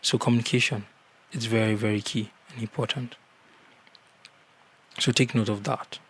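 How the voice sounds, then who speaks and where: A man's voice: on the low side, fairly even intonation, normal speed, a bit bright, slightly rough. A man giving earnest marriage advice in a casual vlog, repeating key words for emphasis.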